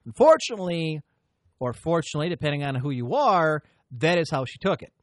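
A man's voice: fairly high pitch, big pitch swings, brisk, dry recording. A man hosting a podcast, telling a long story in a rambling, profane way and often interrupting himself. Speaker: podcast host. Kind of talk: casual storytelling chat.

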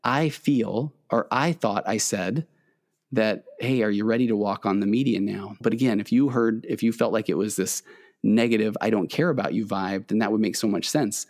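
Earnest therapist man, low-voiced storyteller. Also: moderate pace. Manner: earnest, quotes himself and his wife in dialogue. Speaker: therapist and host. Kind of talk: conversational storytelling.

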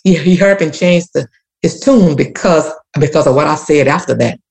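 A woman speaking as a community activist guest shares an emotional personal story grounded in church, repeating herself and mentioning prayer. Her low voice is gravelly with a darkish tone, at a moderate pace.

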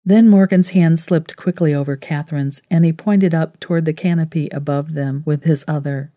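A woman narrating a novel in a low, mellow voice. Her calm, measured delivery sits in a close, dry recording. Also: dry recording. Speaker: audiobook narrator. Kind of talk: scripted narration.

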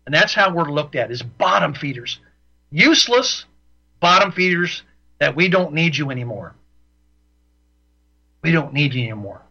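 A man's voice: a little high, animated, normal speed, vocal fry, pauses often, pushed and bright, slightly rough, highs cut off. A man hosting a talk radio show, ranting in an opinionated monologue and repeating his points for emphasis.

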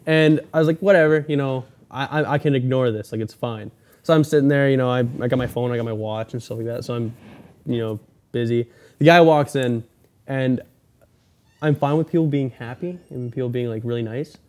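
A man's voice: medium pitch, fairly quick, a little mellow. A young man hosting a podcast, telling a rambling story in casual chat and acting out the quotes. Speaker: podcast host.

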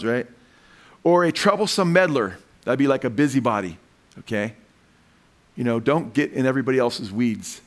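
Male pastor, casual sermon delivery, acts out everyday voices, frequent call-and-response. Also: medium pitch. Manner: conversational preaching, calls out "amen?" to the congregation; acts out quoted voices of tempted people.

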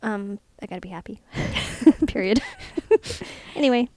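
A woman's voice: mid-range voice, lively intonation, a little slow, dark tone. A woman co-hosting a casual chat, playful and jokey, laughing often as she tells stories. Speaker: podcast co-host. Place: indoors, home setting.

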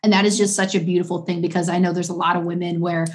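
A woman's voice: on the low side, level tone, quick pace. A woman hosting a faith podcast who responds to her guest in an affirming, reflective way. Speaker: podcast host.

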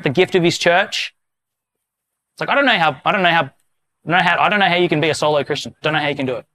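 Male pastor, slightly higher voice, smooth and resonant; casual sermon that moves into a slow, solemn led prayer. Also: a bit bright. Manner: casual, self-deprecating preaching; slow, solemn liturgical reading.

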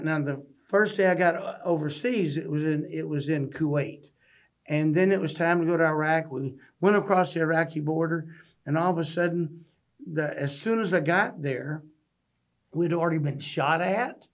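In a podcast studio, a Texan man with a fairly high voice speaks at a normal pace as a guest. He tells stories in an earnest, folksy manner, often restarting his sentences during the interview.

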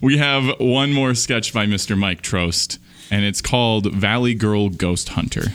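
A man's voice: fairly low pitch, measured pace, a bit bright, clean tone. Laid-back man hosting a comedy podcast. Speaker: podcast host. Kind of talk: casual chat and script reading.

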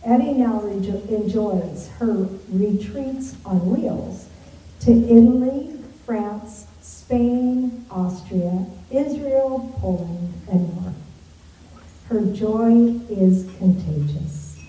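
Introducer: woman, formal read intro, dark mellow tone, echoey and distant. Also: mid-range voice, animated, drawn-out words. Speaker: introducer of the speaker. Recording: echoey room, away from the mic.

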